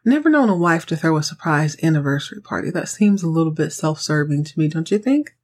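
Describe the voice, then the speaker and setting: A woman's voice: sits low, animated, quick pace. A woman hosting a podcast, recapping a TV episode in sassy, slangy, conversational chat. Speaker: podcast host recapping a TV show.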